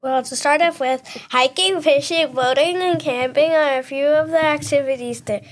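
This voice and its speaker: A young woman co-hosting a playful podcast, sassy in banter and rushing through facts she reads out. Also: sits high. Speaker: podcast co-host.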